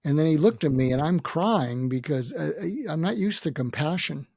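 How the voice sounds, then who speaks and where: An older man with a gravelly, creaky voice tells a personal story on a podcast. He talks reflectively, with frequent pauses and hesitations. The recording is close and dry. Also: fairly high pitch, expressive, darkish tone, dry recording. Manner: reflective, with many hesitations and quoted dialogue. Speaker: podcast guest. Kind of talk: storytelling in a conversation.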